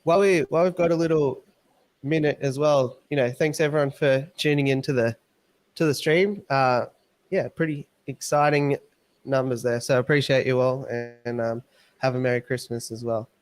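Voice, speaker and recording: An Australian man hosting a casual live stream, talking in a relaxed, rambling way. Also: mid-range voice, moderate pace. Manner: relaxed, rambling, many fillers and restarts.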